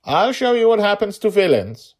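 A man voicing a brave, stubborn five-year-old girl who yells shrilly. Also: sing-song, normal speed. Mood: defiant yelling. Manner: shrill yelling.

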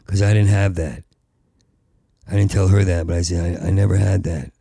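A man hosting a podcast in a rambling monologue, with a heavy stutter that repeats syllables, and at times rising to a loud urgent plea. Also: low voice, steady tone, moderate pace, vocal fry, husky, dry recording, studio quality. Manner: rises to loud urgent pleading. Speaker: podcast host.

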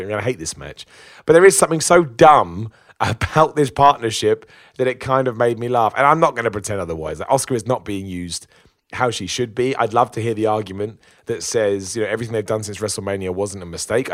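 A man's voice: medium pitch, dry recording, clean studio sound. A man giving a chatty, opinionated spoken review of a wrestling show, with laughs and restarts.

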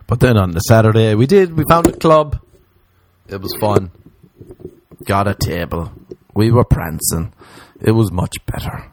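A man's voice: on the low side, unhurried, a little mellow. Swearing man telling stories. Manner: swearing, acts out quoted voices. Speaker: comedian. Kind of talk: casual storytelling chat.

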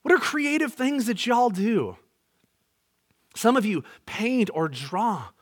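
A man's voice: extremely high pitch, very animated, slow pace. A man in his thirties preaching a sermon in church, earnest and emphatic, asking his listeners questions. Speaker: pastor. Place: church, to an online audience.

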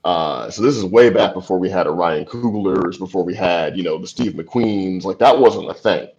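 A man in his forties, a screenwriter being interviewed, tells a long story in a relaxed, chatty way. His voice sits on the low side, and he keeps filling it with asides and laughs. The recording is muffled and lo-fi. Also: normal speed, slight background noise. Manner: loose and chatty, many "like" and "you know" asides, laughs easily. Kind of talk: casual storytelling. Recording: dull lo-fi recording.

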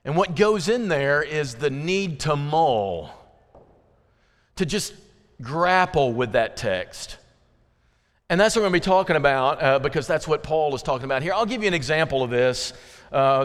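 A man preaching a conversational sermon to a congregation, lively and animated, often slipping into acted-out voices. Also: a little high, normal speed. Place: church sanctuary. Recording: long reverb of a large hall.

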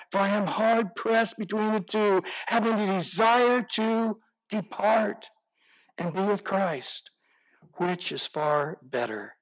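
A man's voice: high-pitched, rough recording. A man preaching a sermon, reading scripture aloud and asking rhetorical questions. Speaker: pastor.

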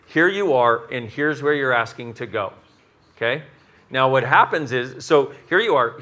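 Leading a live class in front of an audience, a male workshop facilitator talks animatedly, acts out inner voices, swears, and laughs at his own jokes. His mid-range voice sounds pushed and bright.

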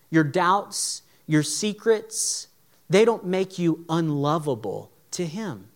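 A young man preaching a sermon in an earnest, pleading, conversational way. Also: on the high side. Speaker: pastor.

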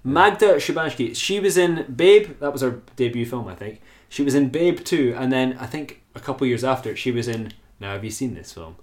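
A man's voice: medium pitch, lively intonation, moderate pace, few pauses. Sweary rambling podcast man, roomy sound. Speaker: podcast host. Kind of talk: casual film review chat. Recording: roomy echo.

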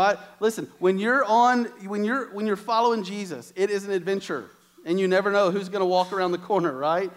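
A man's voice: high-pitched, fairly quick. A man preaching a sermon to a church congregation, telling a funny personal story with quoted asides before he turns to scripture and prayer.

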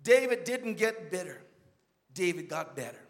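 A man's voice: high-pitched, big pitch swings, moderate pace, long reverb tail. A man preaching a sermon as a guest speaker, emphatic and calling out to the congregation.

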